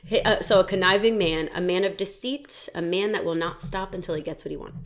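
A podcast host, this woman tells a true crime story in casual, animated chat, laughing often and swearing freely. Her voice is fairly low and a little fast.

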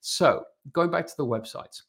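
A man's voice: fairly high pitch, moderate pace, husky. Man explaining with lots of "right?". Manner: animated, keeps checking in with "right?". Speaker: guest, fitness business and website consultant. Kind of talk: casual podcast explanation.

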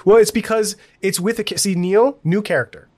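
A man co-hosting a casual TV recap podcast, rambling and animated, laughing often. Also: sits high, brisk. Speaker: podcast co-host.

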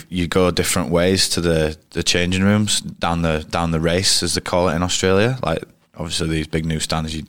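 He has a bass voice with a fairly bright tone and no room sound. As a cricketer with a Yorkshire accent being interviewed in a pub, he tells casual stories that ramble, stay blunt, and restart often.

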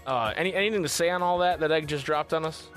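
A man's voice: fairly high pitch, fast, fairly bright tone, soft background music. A man co-hosting a casual gaming podcast, reading viewer comments aloud and riffing on them. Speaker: podcast co-host reading chat.

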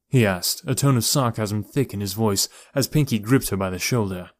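A man narrating an audiobook in a steady, measured storytelling voice. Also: on the low side, dry recording. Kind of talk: scripted narration.

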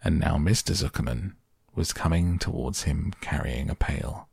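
A man reading a children's book aloud in calm audiobook narration for sleep, slow, soft and even. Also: very deep voice, creaky, husky, no echo, clean studio sound. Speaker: podcast reader.

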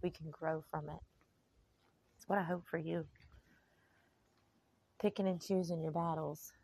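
A middle-aged woman giving an emotional personal testimony, slow and heartfelt with faith-filled sighs and pauses. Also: low voice, steady tone, gravelly, dark tone, slightly rough. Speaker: vlogger.

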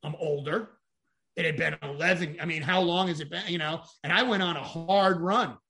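Male guest, higher-than-average bright voice, candid storyteller who rambles and swears. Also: moderate pace. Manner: rambling, frank, swears, acts out quoted dialogue. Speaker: podcast guest.

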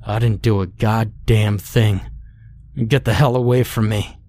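A man's voice: on the low side, fairly even intonation, unhurried, a little mellow, natural voice. A man playing a terrified old man. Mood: panicked. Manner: panicked, demanding.

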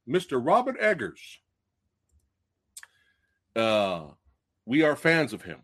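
A man hosting a casual movie review livestream, excitable and profane, swinging from loud outbursts to low mutters. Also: slow pace, pauses often. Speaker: podcast host.

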